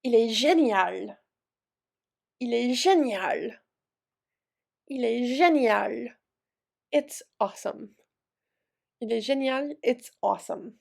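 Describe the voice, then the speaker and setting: A young adult woman with a slightly high, animated voice that is gravelly yet a little mellow is teaching French vocabulary. She drills slowly and patiently, repeating each word before giving its English meaning.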